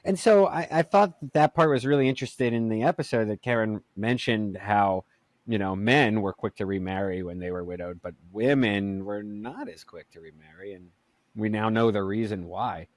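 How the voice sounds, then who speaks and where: A man's voice: on the low side, normal speed, no echo. A man co-hosting a podcast in casual chat, joking about himself and laughing often. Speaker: podcast co-host.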